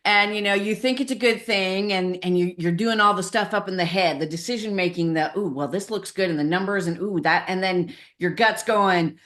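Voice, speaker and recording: A middle-aged woman, a marketing consultant appearing as a podcast guest, chats casually in an interview about her business. Her mid-range voice moves a little fast with few pauses, and she tells her stories candidly and animatedly, acting out the voices of people she quotes.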